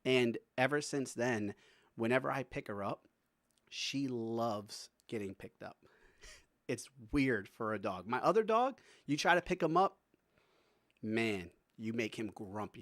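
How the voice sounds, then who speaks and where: A man chats easily on a live stream, his voice sitting at an ordinary middle pitch and sounding close and dry with no room around it. He laughs often and drifts between talking to his viewers and coaxing his dog. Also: fairly bright tone, dry recording. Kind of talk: casual live-stream chat.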